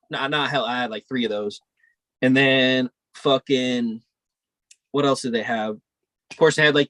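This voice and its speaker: A man's voice: mid-range voice, fairly bright tone, no room sound. A young man co-hosting a podcast, telling a rambling, profane story in casual chat. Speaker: podcast co-host.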